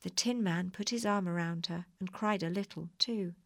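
Calm woman reading a storybook. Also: fairly low pitch, normal speed, creaky, dry recording, studio quality. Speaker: narrator.

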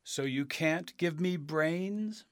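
Man doing a puzzled straw scarecrow, simple, questioning, slow. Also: a little high, dry recording, studio quality, voice pushed up. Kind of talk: storybook reading.

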